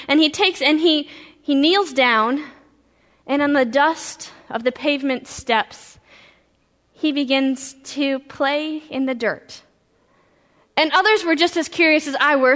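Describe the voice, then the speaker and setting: A woman pastor preaching a sermon, telling a story vividly in the first person and moving between loud and hushed passages. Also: high voice, long reverb tail.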